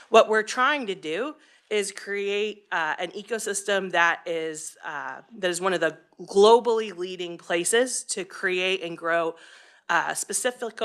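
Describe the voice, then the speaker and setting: Bright-voiced woman giving committee testimony. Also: fairly low pitch. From Kansas. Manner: earnest, with frequent fillers and restarts. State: pregnant, a little short of breath. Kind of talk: formal testimony.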